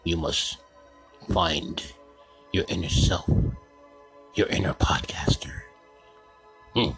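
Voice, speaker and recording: A man voicing a crude old male sensei who muses slowly and throws out crude insults. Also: low voice, vocal fry, a bit bright, soft background music, full character voice, rough recording. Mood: mock-wise. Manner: slow, musing, drops crude insults.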